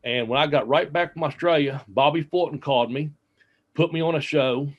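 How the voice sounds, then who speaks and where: A man's voice: a little high, normal speed, lo-fi sound. A man, a former wrestler, casually telling long anecdotes with lots of fillers and acted-out quotes in an interview. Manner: rambling anecdotes with many fillers and quoted dialogue. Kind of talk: casual storytelling.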